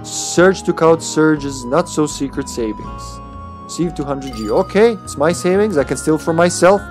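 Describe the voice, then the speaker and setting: Playful, lively-voiced male game streamer. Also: a little high, moderate pace, over music. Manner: playful, joking, reads in-game lines aloud. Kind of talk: casual gameplay commentary.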